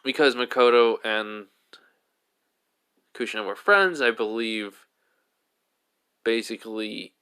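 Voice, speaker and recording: A man's voice: medium pitch, slow pace, pauses often, bright, forceful tone, smooth. A man narrating a fan-made story off the cuff, rambling and restarting, with lots of filler words. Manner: rambling, full of "basically" and restarts.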